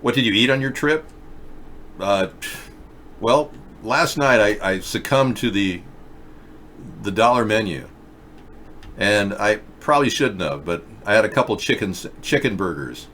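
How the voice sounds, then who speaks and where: A man's voice: lowish voice, lively intonation, unhurried, long pauses, fairly bright tone, a little hiss or hum. A man hosting a casual video chat show, rambling through stories and reading viewer comments aloud. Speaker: show host.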